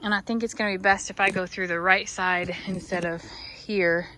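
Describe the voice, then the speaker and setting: A woman's voice: mid-range voice, fairly even intonation, normal speed, sharp tone. A woman chatting casually to the camera outdoors on a farm while doing chores. She talks to herself and makes playful asides to her viewers. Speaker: vlogger and horse owner.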